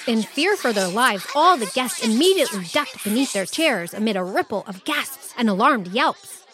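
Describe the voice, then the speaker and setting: A woman storyteller reading a scripted children's story aloud in a lively, expressive way. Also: a little high, moderate pace, noisy background.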